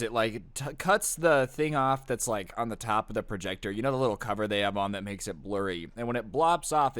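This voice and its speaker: A man narrating a storytime video in a casual, animated way, full of slangy asides. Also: medium pitch, dry recording. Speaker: storytime YouTuber.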